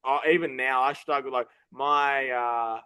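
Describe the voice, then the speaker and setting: An Australian tradesman, his accent toned down, chats casually as a guest in an interview, halting and stop-start with many false starts. His voice is medium-pitched with little pitch movement, pushed and bright, clear and resonant.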